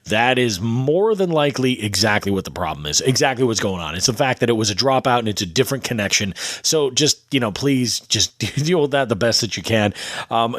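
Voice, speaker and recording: A man's voice: medium pitch, dry recording, clean studio sound. A man hosting a podcast, talking in a casual, rambling, enthusiastic way with lots of restarts. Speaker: podcast host.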